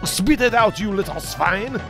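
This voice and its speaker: Brief: shrill, haughty goblin dandy with a put-on French accent, pitched very high and swooping. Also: male voice, big pitch swings, normal speed, music in the background. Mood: panicked. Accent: mock French. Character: pompous shrieking male goblin schemer.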